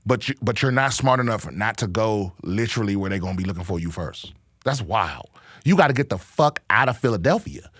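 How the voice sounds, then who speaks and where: A man's voice: fairly low pitch, lively intonation, a little fast, fairly bright tone, husky, no room sound, studio quality. A man hosting a podcast, delivering a profane, rambling comic rant in a casual monologue. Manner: rambling, restarts often. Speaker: podcast host and comedian.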